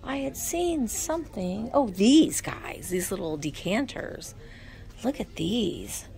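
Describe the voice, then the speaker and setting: Faint store music drifts through the booths of an indoor antique mall where a woman casually vlogs her thrift finds, talking to the items and whispering asides. Her medium-pitched voice is expressive, slow, creaky, and a little mellow.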